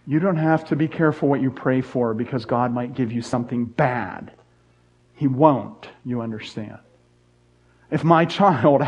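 A man's voice: medium pitch, a little mellow. A middle-aged man preaching a sermon as a pastor, earnest and repetitive in his emphasis, with joking asides. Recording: dull lo-fi sound.

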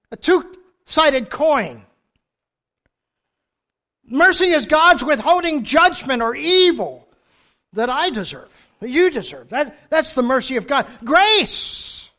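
An older man preaches to his congregation in a strikingly high, bright voice. His storytelling is animated and humorous, and he swings from soft asides to sudden loud bursts. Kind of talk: sermon. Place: church.

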